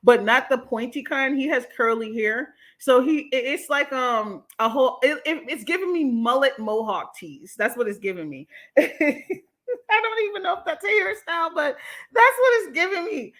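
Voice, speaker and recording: A woman's voice: high voice, animated, moderate pace, fairly bright tone. A woman hosting a livestream, reacting to a clip in a casual, slangy way and laughing often. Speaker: livestream host.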